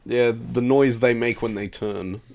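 A man's voice: medium pitch, fairly even intonation, unhurried, creaky, darkish tone, slight background noise. A man in a casual chat as co-host, teasing and dry. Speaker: podcast co-host.

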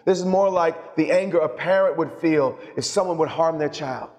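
Male preacher, higher-pitched, fervent and emphatic with stumbling repeats, long hall echo. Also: moderate pace, a little mellow, highs cut off. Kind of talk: sermon.

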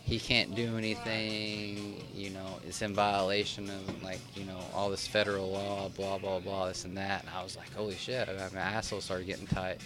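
A man's voice: low voice, flat delivery, normal speed, few pauses, over music. A young man telling a long story in casual chat, rambling with many restarts and fillers.

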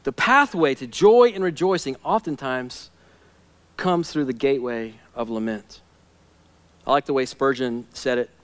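A man preaching a sermon, reading scripture with passion and dropping to hushed tones between loud, pleading lines. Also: medium pitch, measured pace. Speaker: pastor.

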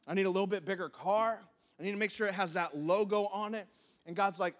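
A man in his thirties delivering a sermon from the pulpit. His voice sits high for a man, and he preaches with animated energy. He keeps slipping into short acted-out quotes of God and everyday churchgoers. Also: fast. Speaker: pastor.

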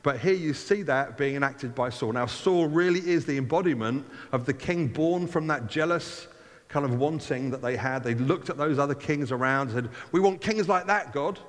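A man of medium pitch, speaking at normal speed in a large hall, reads a Bible passage aloud as a preacher. He keeps breaking off from the reading to comment on it in a casual, conversational way.

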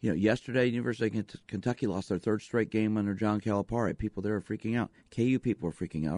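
Here a man with a lowish, warm voice speaks fast in a steady tone, recorded without echo. He's a sports psychologist hosting a radio show, and his monologue is emphatic, returning again and again to rhetorical questions.

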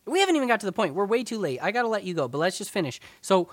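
A man's voice: high-pitched, expressive, fast, no room sound. A man hosting a podcast, talking casually and animatedly, with lots of filler words and the odd swear. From New York. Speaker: podcast host. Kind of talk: casual chat. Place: home in Connecticut.

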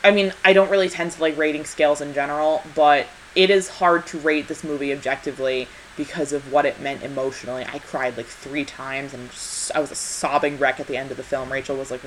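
Low-voiced woman, passionate film reviewer. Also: fairly even intonation, a little fast, few pauses, slight background noise, low-quality recording. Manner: passionate, emphatic, repeats for stress. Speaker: podcast co-host. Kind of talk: casual film review chat.

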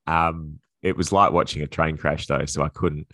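A man's voice: extremely low pitch, steady tone, moderate pace, pushed and bright, dry recording. A man co-hosting a podcast, talking footy bluntly with casual swearing. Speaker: podcast co-host. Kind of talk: casual sports chat.

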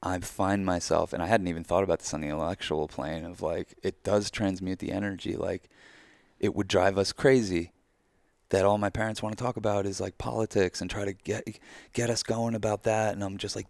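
A man with a very low voice and a gravelly edge talks through his thoughts on a podcast, candid and reflective, dropping casual swears. The recording is dry and close, with no room sound. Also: little pitch movement, a little fast, a little mellow, no echo. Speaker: podcast co-host. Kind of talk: casual chat.

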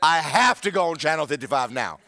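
Animated preacher man. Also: fairly high pitch, brisk, slight background noise. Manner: storytelling, acts out dialogue, rises to loud exhortation. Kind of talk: sermon.

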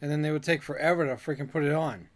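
A woman's voice: deep voice, fast talker. A woman co-hosting a casual chat, laughing often as she tells stories. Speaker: podcast co-host. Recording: loud background noise.

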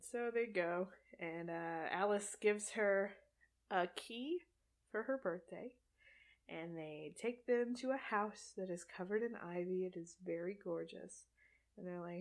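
A woman's voice: lowish voice, measured pace. Sarcastic young woman recapping a movie. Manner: sarcastic, animated, laughs often.

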